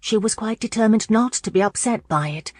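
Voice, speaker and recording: A woman narrating a historical romance audiobook in a measured, expressive scripted read. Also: medium pitch, no room sound.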